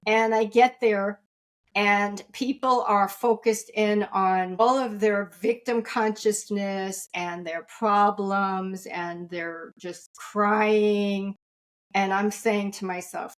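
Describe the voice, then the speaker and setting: A woman's voice: medium pitch, steady tone, unhurried. Earnest woman telling a spiritual story. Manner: warm, repetitive, checks in with "right?". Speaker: angel reader and spiritual guest.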